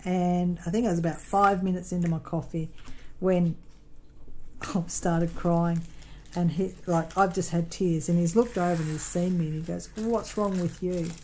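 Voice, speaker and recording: Low-voiced Australian woman rambling on. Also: flat delivery, normal speed, darkish tone, a little hiss or hum, rough recording. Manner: rambling storyteller, many ums and self-corrections. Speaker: crafting vlogger. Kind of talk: casual chat while crafting.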